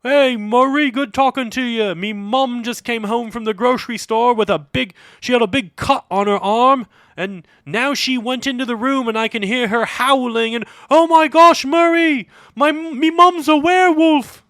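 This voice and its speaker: A man's voice: very high-pitched, normal speed, hardly any pauses, fairly bright tone, no echo, clean studio sound, pitched above the performer's own voice. A man putting on the voice of a young British radio caller who frantically reports something spooky happening at home. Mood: frantic. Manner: frantic, rising to a yelp.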